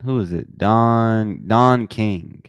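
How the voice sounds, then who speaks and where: Excitable young man streaming. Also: very slow, vocal fry, clear, resonant tone, dry recording, lo-fi sound. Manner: excitable, joking, slangy, bursts into high-pitched reactions. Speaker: watch party streamer. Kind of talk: live watch-party commentary with chat.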